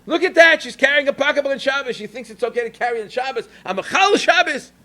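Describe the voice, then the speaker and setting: Brief: a man doing an elderly Jewish grandmother from Poland, loud, high-pitched scolding. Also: expressive, rapid-fire, heavily acted. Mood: indignant scolding. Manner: loud, scolding, meant to be overheard.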